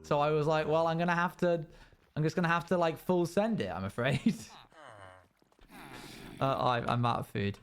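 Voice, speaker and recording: Streaming live, this man tells his chat meandering anecdotes in a casual way, raising his voice to act out people's quotes. He speaks on the high side at a moderate pace, pausing often.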